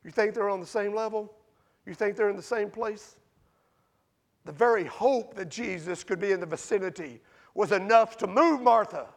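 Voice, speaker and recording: A man preaching a sermon, full of rhetorical questions to the congregation and sharp swings between loud and quiet. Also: high voice, normal speed. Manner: rises and drops sharply in loudness.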